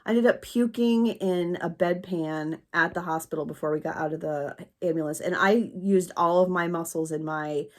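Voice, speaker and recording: Candid, rambling woman vlogger with a low voice. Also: normal speed, few pauses. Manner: candid, rambling, profane humor. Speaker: small business owner and potter. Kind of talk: casual vlog chat and storytelling.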